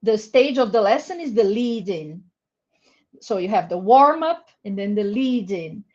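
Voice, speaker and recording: A woman's voice: medium pitch, expressive. A woman with a Brazilian accent leading a live online webinar for English teachers, carefully explaining pronunciation and encouraging participants by name. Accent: Brazilian Portuguese. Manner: encouraging, reads out names from chat; slow, careful word-by-word explanation. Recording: muffled lo-fi webinar audio.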